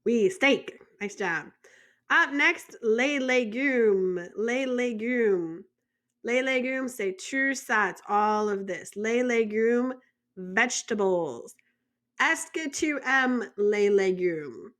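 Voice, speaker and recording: An American woman runs a vocabulary lesson as a French teacher, chatty and full of small jokes and questions to the viewer. Her voice sits a little high and sounds bright and clear. She speaks slowly and carefully. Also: animated. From United States.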